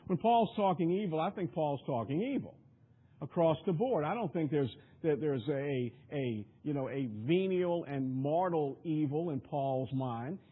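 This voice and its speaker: Male preacher, high husky voice, emphatic and repetitive, tinny radio broadcast sound. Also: animated, a little slow. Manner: emphatic, repetitive, stumbling restarts. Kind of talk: sermon.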